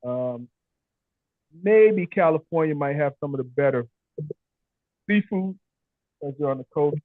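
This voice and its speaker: Guy rambling on a video call, kinda high voice, sounds like a phone line, dry. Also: lively intonation, unhurried, no room sound. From Chicago area. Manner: rambling storyteller, acts out quotes in raised voices. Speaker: meeting participant. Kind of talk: casual video call chat. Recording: tinny phone-like call audio.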